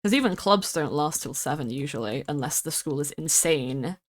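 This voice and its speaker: A woman's voice: low voice, animated, normal speed. A young woman from the United Kingdom, a streamer chatting casually and rambling while she builds in a game, often giggling and swearing.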